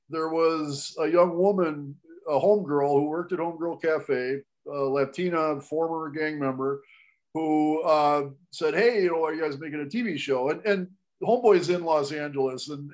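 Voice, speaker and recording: A man telling a long story on a podcast, animated, with quick restarts and laughs along the way. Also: on the high side. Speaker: guest storyteller.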